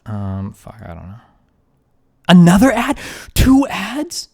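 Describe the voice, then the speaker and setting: A man's voice: high voice, huge pitch swings, slow pace, creaky, dark tone, breathy edge. A man streaming, talking casually and profanely while reading messages aloud.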